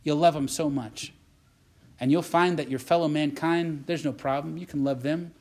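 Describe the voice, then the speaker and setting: A man's voice: on the high side, steady tone, normal speed, a little mellow. A man preaching a sermon as pastor, repeating phrases and asking the congregation "Amen?" and whether it makes sense.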